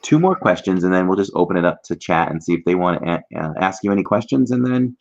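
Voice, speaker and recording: A man from Boston with a neutral broadcast American accent, hosting a casual livestream interview in a relaxed, chatty way. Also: sits low, quick pace, vocal fry, highs cut off. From Boston, Massachusetts. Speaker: livestream host.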